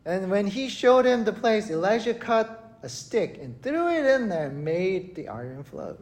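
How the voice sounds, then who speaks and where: A male pastor preaching a sermon in a church, telling a story with animated, acted-out panic. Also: high voice, unhurried. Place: church hall.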